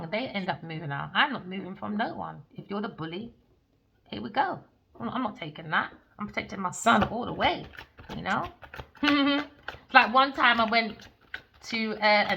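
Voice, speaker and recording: A woman, a tarot reader telling personal stories in a casual, slangy, emphatic way. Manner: emphatic, slangy, swings between loud bursts and low murmurs. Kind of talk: casual storytelling monologue. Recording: slightly dull lo-fi audio.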